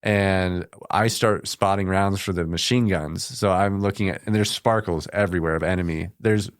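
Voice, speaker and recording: A man from the United States speaks in a very low, smooth and resonant voice, recounting his combat experience as a podcast guest. His delivery is casual and matter-of-fact. The dry studio recording picks up no room sound. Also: steady tone, normal speed, dry recording. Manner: plainspoken, matter-of-fact, with brief laughs. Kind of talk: casual storytelling in conversation.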